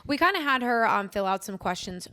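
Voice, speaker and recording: A young woman co-hosting a podcast, chatting with quick, enthusiastic reactions. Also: mid-range voice, expressive, bright, forceful tone. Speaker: podcast co-host. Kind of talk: casual chat.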